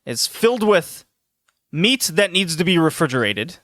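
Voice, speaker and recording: A man hosting a podcast, telling a story in a casual, animated way with lots of laughs and restarts. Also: on the high side, measured pace, no room sound, studio quality. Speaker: podcast host.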